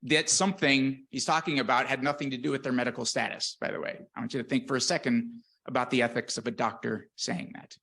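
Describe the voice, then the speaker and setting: Brief: male scientist presenting at a conference, mid-pitched, earnest and candid, dry self-deprecating humor. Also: steady tone, fast talker, gravelly, hardly any pauses, pushed and bright. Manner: earnest and candid, with filler words and restarts. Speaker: research scientist giving a conference talk.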